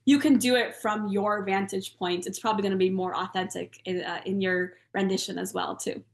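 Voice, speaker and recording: A woman's voice: medium pitch, steady tone, brisk. Woman explaining rhythms in a roomy room. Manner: explains with spoken rhythm syllables and counting. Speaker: guest composer and Carnatic singer. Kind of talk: conversational interview explanation. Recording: roomy echo.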